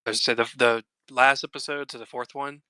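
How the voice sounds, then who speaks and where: Man, podcast co-host, excitable, stop-start sentences, very bright tone, dry sound. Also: medium pitch, quick pace, clean tone, no room sound. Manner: eager and excitable, restarts often. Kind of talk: casual podcast chat.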